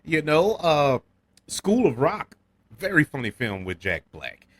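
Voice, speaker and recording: Animated New Orleans man reviewing films. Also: on the high side, measured pace. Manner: animated, repeats words when restarting, chuckles often. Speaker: podcast movie reviewer. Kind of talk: casual film review.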